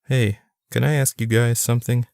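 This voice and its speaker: A man's voice: mid-range voice, little pitch movement, moderate pace, vocal fry, a little mellow, dry recording, studio quality, voice pushed up, lightly acted. A man voicing an awkward, hesitant man in his mid-thirties, in an audiobook.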